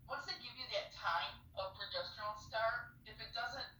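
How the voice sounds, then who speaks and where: A woman's voice: a little high, normal speed, pushed and bright, echoey room, distant mic, slight background noise, low-quality recording. A woman working as a fertility nurse, patiently explaining a medication calendar step by step over a video call and checking understanding with "okay?".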